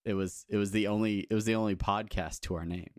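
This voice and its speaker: A man's voice: lowish voice, fairly even intonation, fast, darkish tone, dry recording, clean studio sound. A man hosting a casual podcast, chatty and self-deprecating, laughing often. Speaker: podcast host.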